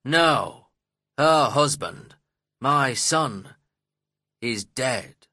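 A man voicing a gruff, scornful older male landowner in a storybook reading, speaking slowly, coldly and fiercely. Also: medium pitch, expressive, sharp tone, no room sound, clean studio sound, pitched above the performer's own voice, full character voice. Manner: slow, fierce, cold.

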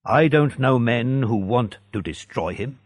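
Strict judge guy, bossy n secretive, husky dry voice, man doing it. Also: mid-range voice, animated, measured pace, no room sound. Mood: stern. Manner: commanding, clipped orders. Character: male judge, stern and secretive.

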